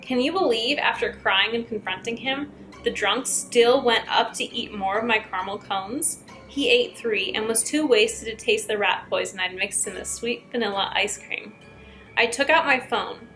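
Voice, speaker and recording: A woman's voice: on the high side, bright, forceful tone, low-quality recording. A young woman reading scary stories aloud as a YouTuber, breaking in with chatty asides.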